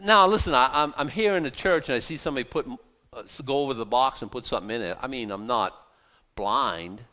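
A man preaching a conversational sermon, animated and informal, with many fillers and restarts. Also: mid-range voice, a little fast, big-room sound. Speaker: pastor.

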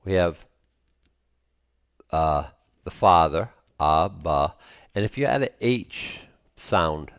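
Male Bible teacher, low and slow, reads verses then explains with casual asides; dry, close recording. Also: dry recording. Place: indoors, presenting to a screen.

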